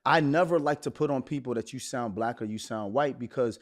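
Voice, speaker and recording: Brooklyn-raised man, podcast co-host, mid-pitched, animated, emphatic pushback. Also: brisk. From Brooklyn, New York. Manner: animated, pushes back emphatically. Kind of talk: casual group discussion.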